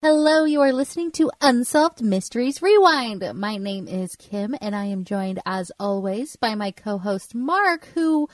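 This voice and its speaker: A chatty woman co-hosts a podcast, telling stories in a relaxed way. She laughs easily. The sound is dry, and her voice sits a little back from the mic. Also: fairly high pitch, a little slow, hardly any pauses, dry recording, far from the mic. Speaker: podcast co-host. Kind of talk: casual podcast chat.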